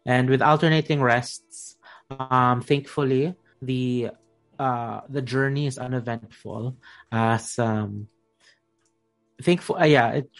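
Male game master, loose rambling narrator, hesitant self-corrections, soft music underneath. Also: medium pitch, steady tone, slow pace.

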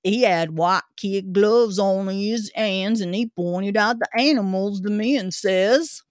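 A grumpy old zookeeper grumbles along in a thick, rough dialect, voiced by a woman. He takes his time over every word. The sound is dry and close, with no room around it. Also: medium pitch, takes it slowly, no room sound, natural voice. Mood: gruff. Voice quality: rough working-class dialect. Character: gruff old male zookeeper, grumpy but chatty.

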